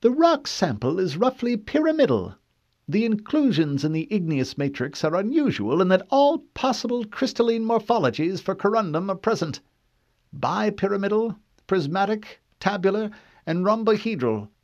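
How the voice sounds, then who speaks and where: A man voices a stern female officer, pitched high above his own voice with big pitch swings at normal speed. She questions a soldier in a clipped, precise, probing way. It's a dull, dry studio read.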